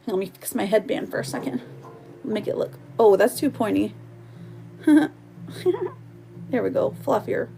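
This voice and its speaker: A woman's voice: mid-range voice, a little slow, gravelly, long pauses, dark tone, slight background noise. A woman giving a live-streamed tarot reading, chatty and affectionate, often giggling as she reads viewer comments aloud. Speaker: tarot reader.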